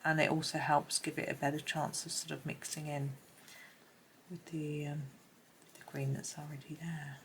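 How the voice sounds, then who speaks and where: Her voice is deep and a bit bright, with a flat delivery at a moderate pace. This middle-aged woman from Gloucestershire, England, narrates a chatty drawing tutorial, rambling and self-amused as she thinks aloud while colouring, recorded on a tripod-mounted camera mic with slight background noise.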